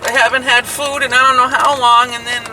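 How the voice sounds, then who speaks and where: A man's voice: very high voice, level tone, brisk, recorded from a distance, low-quality recording. A man who trained in nursing care, telling an outraged story in casual chat and swearing freely while driving. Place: inside a car in traffic. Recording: loud road noise in a car.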